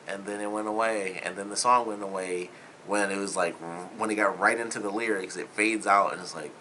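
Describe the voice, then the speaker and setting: Male reviewer, lowish voice, forceful bright edge, loose rambling delivery. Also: slight background noise, poor audio. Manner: rambling, loose, full of "like" and "you know". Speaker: movie reviewer. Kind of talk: casual spoken film review.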